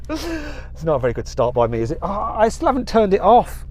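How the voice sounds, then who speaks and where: A man's voice: extremely high pitch, wildly swooping pitch, moderate pace, sharp tone. A middle-aged man presenting a car show in a jokey, self-mocking, chatty way from inside a car. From England. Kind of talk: jokey car review chat.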